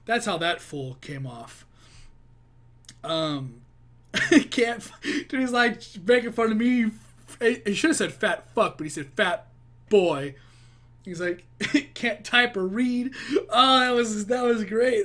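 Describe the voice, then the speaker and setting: A man's voice: fairly high pitch, fairly bright tone. A man hosting a reaction video, chatty and rambling in casual commentary. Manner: chatty, rambling, laughs easily.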